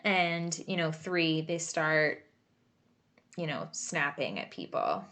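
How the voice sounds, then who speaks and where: A woman working as a creative arts therapist, explaining a coping exercise in a relaxed, chatty way with many fillers and asides. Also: low-pitched, slow pace. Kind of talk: casual instructional talk.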